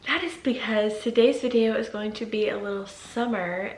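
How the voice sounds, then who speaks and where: A young woman in her twenties chatting casually to camera at home, bubbly and quick to laugh, with a just-woken morning voice. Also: medium pitch, heavy background noise. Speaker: vlogger and teacher. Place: at home indoors. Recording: echoey room.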